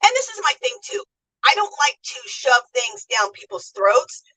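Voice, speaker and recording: Livestream host, American woman, middle-aged, husky and bright, lively chatter. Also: fairly high pitch, normal speed, distant mic, low-quality recording. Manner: chatty, reads viewer comments aloud and laughs often. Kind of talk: casual livestream chat.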